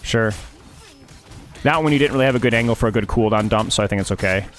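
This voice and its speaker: A man's voice: fairly low pitch, quick pace, soft background music. A man coaching a player through a gameplay replay, emphatic and often repeating his points several times. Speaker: game coach.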